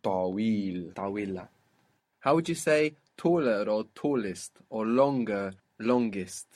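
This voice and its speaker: A man with a fairly low voice gives a spoken Arabic lesson. He explains slowly and patiently, modelling words and asking his student to repeat them. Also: expressive, darkish tone. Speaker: Arabic teacher.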